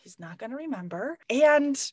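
A woman in her thirties talks in a bright, high voice that leaps all over its range. She chats animatedly, slips into quick impressions of others and laughs a lot, recorded close and dry. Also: no room sound. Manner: animated, acts out quoted voices, laughs often. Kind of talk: casual chat.

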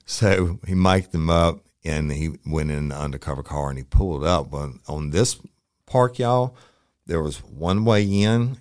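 A middle-aged man with an extremely deep voice hosts a podcast and tells old stories in a loose, profane, animated way. His voice sits close and dry on the mic, with no room sound. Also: no echo. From Louisiana. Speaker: podcast host telling a past case. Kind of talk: casual storytelling.

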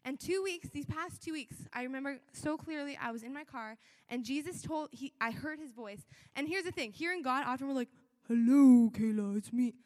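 A woman's voice: high-pitched, a little fast, few pauses, fairly bright tone. A young woman giving a sermon in a church, talking in a conversational, earnest way with many fillers and restarts. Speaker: church speaker. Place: church hall. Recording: long echo of a large hall.

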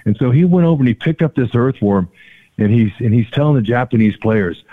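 An older man tells a long story as a podcast guest, full of energy and acting out every quoted line with sudden leaps in pitch. His voice sits at an ordinary middle pitch. The sound is thin and tinny, like a phone line. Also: brisk. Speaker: podcast guest, former ballplayer. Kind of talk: storytelling in a casual interview.

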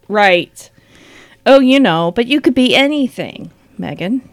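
A woman's voice: a little high, animated, measured pace, dry recording. A woman co-hosting a podcast, chatting casually, often laughing and swearing with sarcasm. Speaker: podcast co-host. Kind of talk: casual chat.

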